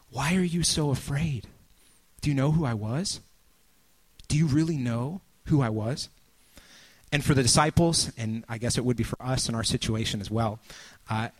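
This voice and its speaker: A man preaching a sermon, telling a vivid story that he acts out with sudden loud cries and hushed, quiet lines. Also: medium pitch.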